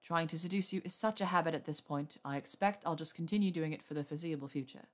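A woman reading aloud puts on a lovestruck young wizard man with a dropped, husky-low murmur. He talks dryly and teasingly, with a hint of nerves under the charm. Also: quick pace, close to an everyday voice.

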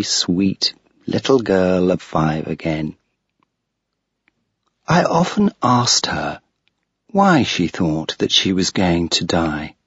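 Slow husky male story reader. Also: sits low, a bit bright, no echo. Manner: slow, clear graded-reader delivery. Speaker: audiobook reader. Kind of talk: scripted story narration. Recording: dull, lo-fi sound.

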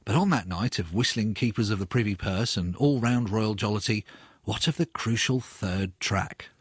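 A man's voice: fairly low pitch, normal speed, breathy edge, dry recording, studio quality. A man narrating a documentary with a wry, inquisitive manner. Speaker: podcast presenter.

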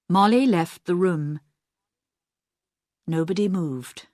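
A woman narrating a simple story very slowly and deliberately, with lively changes of pitch. She is recorded close and dry, with no room sound. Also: no room sound. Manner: very slow, clear, deliberate. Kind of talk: slow graded-reader story narration.

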